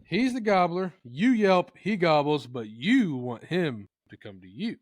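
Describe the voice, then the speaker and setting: Man excitedly explaining turkey calls. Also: fairly high pitch, a little slow, no echo. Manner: animated, acts out turkey sounds in funny voices. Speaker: turkey calling expert guest. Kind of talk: casual how-to talk.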